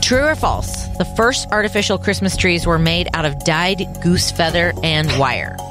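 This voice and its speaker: A woman's voice: lowish voice, moderate pace, over music. A middle-aged woman co-hosting a casual chat show, playfully running a quiz and telling stories. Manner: playful quiz-master, lively and chatty. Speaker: co-host.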